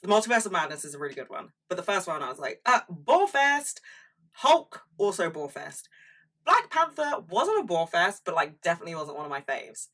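Young woman vlogger, dramatic sweary chat, bright tone, slightly distant mic. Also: fairly low pitch, big pitch swings, fast. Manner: chatty and dramatic, heavy swearing, frequent asides. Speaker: pop culture vlogger. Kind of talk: casual chat.

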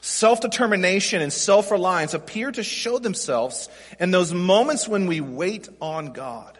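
A man's voice: high voice, animated, a little slow, long reverb tail. A man preaching a sermon as pastor, in a casual, conversational way, with rhetorical questions and quoted lines acted out.

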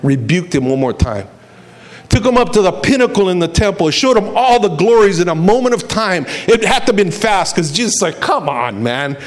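A man's voice: sits high, animated, a little fast. A male preacher giving an emphatic, storytelling sermon.

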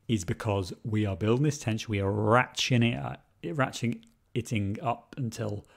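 Lower-voiced man rambling about films. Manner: rambling, repeats words, swears freely. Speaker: podcast co-host. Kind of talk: casual film chat.

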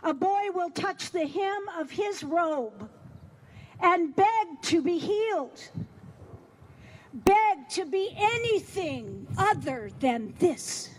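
A woman minister slowly and earnestly reciting a poem at a service. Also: very high-pitched, animated.

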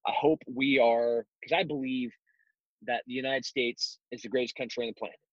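A man's voice: mid-range voice, fairly even intonation, brisk, dry recording. Man, blunt guest, mocking asides, dry close sound, dull lo-fi recording. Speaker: guest, self-defense instructor. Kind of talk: casual interview talk.

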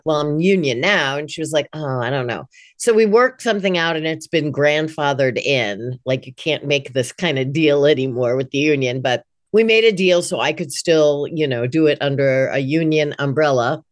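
Low-voiced middle-aged woman, chatty and candid. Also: no echo, studio quality. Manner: chatty and candid, full of "like" and "you know". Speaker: voice-over teacher and guest. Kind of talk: casual interview chat.

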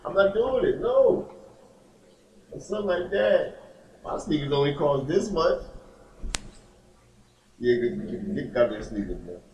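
A man hosting a podcast, telling loud, profane stories in casual banter. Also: mid-range voice, a little slow, long pauses, lo-fi sound, a little hiss or hum. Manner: loud animated storytelling with profanity. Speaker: podcast host. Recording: echoey room, mic at a distance.

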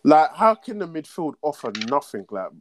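A man's voice: fairly high pitch, very animated, normal speed, slight background noise. A young man ranting in a casual football chat, swearing a lot in street slang. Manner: frustrated, slangy, swears often. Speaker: football fan podcast host.

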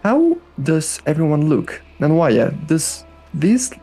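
A man hosting and narrating a tabletop game as dungeon master, with lively jumps in pitch on key words. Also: normal speed, gravelly, soft background music.

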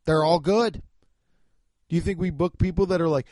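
A man's voice: high voice, big pitch swings, moderate pace, darkish tone, no echo. A man hosting a comedy podcast, reading sponsor ads in profane, over-the-top hype. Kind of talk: comedic ad reads.

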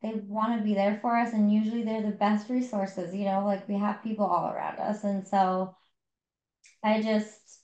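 A woman's voice: medium pitch, flat delivery, normal speed, dark tone. Woman podcast co-host, casual and rambling, roomy echo. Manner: chatty, many fillers and restarts. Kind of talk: casual book discussion. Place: home.

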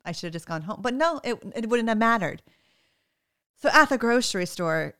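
A woman with a fairly low, smooth voice tells a family story in an animated, chatty way. She quotes her kids in passing and laughs along the way. The sound is dry and close. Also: dry recording. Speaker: parent telling a story. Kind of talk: casual chat.

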